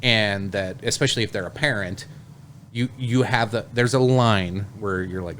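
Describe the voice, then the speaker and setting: Low-voiced man in relaxed chat. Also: moderate pace, slight background noise. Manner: relaxed, rambling, with many fillers. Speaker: podcast guest. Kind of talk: casual chat.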